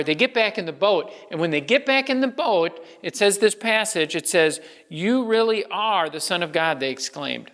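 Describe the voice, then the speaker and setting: A man speaks from the pulpit with a somewhat high-pitched voice, working through a sermon in a relaxed, conversational way, often circling back and restarting his phrases. His words ring out with the long reverb of a church sanctuary. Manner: conversational, with many restarts and fillers. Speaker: pastor.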